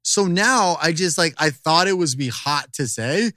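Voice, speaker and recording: A man's voice: a little high, lively intonation, measured pace, pushed and bright, no room sound, clean studio sound. A young man telling rambling, self-deprecating stories with a laugh as a podcast guest in casual chat.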